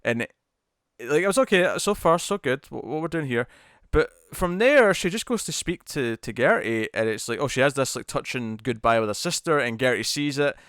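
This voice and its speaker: A man co-hosting a casual review chat, animated, with many quick restarts and repeated words. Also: medium pitch, smooth, dry recording, studio quality. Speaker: podcast co-host.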